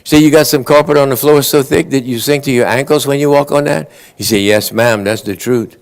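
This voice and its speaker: A man's voice: fairly high pitch, fairly even intonation, fast talker, gravelly. A man telling long, folksy joke stories at a conference awards ceremony, briefly acting out his characters' lines. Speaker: after-dinner joke teller.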